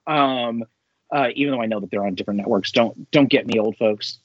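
A man co-hosting a casual pop culture podcast, telling stories in an animated way with a husky voice. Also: mid-range voice, fairly quick, no echo, muffled recording. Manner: animated storytelling, laughs often. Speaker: podcast co-host.

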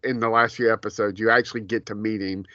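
A man's voice: lowish voice, fairly even intonation, fast talker, bright, forceful tone, dry recording, lo-fi sound. A man co-hosting a podcast in casual chat, telling stories animatedly and laughing often. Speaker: podcast co-host.

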